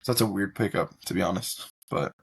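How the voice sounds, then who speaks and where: Husky man making dry asides. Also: deep voice, fairly quick. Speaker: co-host. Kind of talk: casual sports chat.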